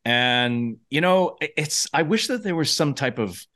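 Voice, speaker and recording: A middle-aged man co-hosting a podcast, recapping an episode in casual chat and acting out lines in quick little voices. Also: on the high side, lively intonation, pushed and bright. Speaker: podcast co-host.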